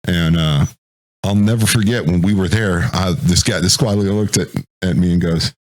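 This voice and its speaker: A military veteran talking casually on a podcast, telling a war story in a rambling, profane way and acting out what people said. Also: male voice, low-pitched, moderate pace. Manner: acts out quoted voices.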